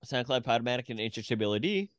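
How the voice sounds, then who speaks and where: Joking, animated male podcast co-host. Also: medium pitch, racing, clean tone, no room sound, clean studio sound. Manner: teasing, joking. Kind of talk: casual chat.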